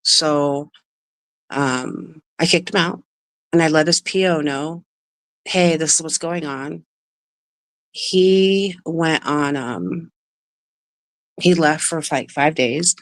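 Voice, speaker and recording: A woman's voice: low-pitched, takes it slowly, long pauses, dry recording. A woman hosting a livestream, telling a personal story in a rambling, emotional way and breaking off to greet chat viewers. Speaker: livestream host.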